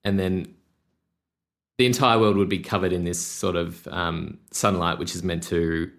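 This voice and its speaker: A man's voice: deep voice, fairly even intonation, measured pace, gravelly, fairly bright tone. A young Australian man with an Australian accent, talking casually and rambling through a solo podcast with many fillers. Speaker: podcast host and musician.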